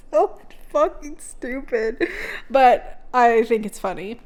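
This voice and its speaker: A woman with a slightly high voice, reading a novel aloud in a casual vlog. She breaks into giggles often. Her asides are blunt and laced with swearing. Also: expressive, slow pace, darkish tone. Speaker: book vlogger.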